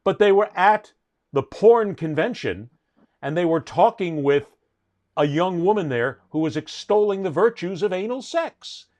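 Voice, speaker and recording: A man's voice: sits high, expressive, a little slow, a little mellow. A middle-aged man hosting a sports talk show, telling stories in an emphatic, indignant way. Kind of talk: casual panel chat.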